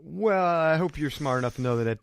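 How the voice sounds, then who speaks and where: A man's voice: on the high side, animated, fairly quick, creaky, clean tone, dry recording. A man who is a regular guest on a radio talk show, chatting casually and answering in short, to-the-point remarks. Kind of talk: casual chat.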